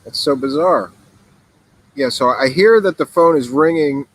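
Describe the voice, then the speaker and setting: A man hosting a call-in show in casual chat, recorded on a laptop outdoors by a fire in the mountains, relaxed and easily amused. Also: medium pitch, a little slow, husky, low-quality recording. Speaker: host. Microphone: laptop mic.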